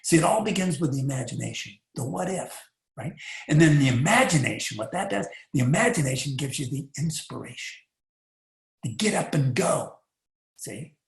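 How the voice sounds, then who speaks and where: A man giving a motivational talk, animated and rhetorical, often asking the listener questions. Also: on the high side, normal speed, gravelly. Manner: animated, rhetorical, acts out little voices. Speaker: motivational speaker. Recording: echoey room.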